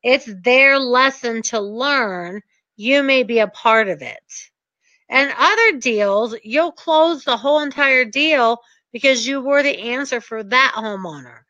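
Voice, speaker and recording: A woman's voice: on the high side, a little slow, bright, forceful tone, no room sound, muffled recording. A woman coaching her real estate students in a motivational talk, earnest and emphatic, repeating her points for stress.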